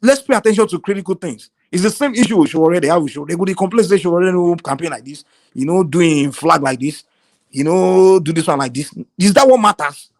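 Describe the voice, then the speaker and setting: Nigerian man, high and fast, fired-up political commentator, dry close sound. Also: no room sound. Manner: animated, repetitive restarts, Nigerian Pidgin phrases. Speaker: panel participant.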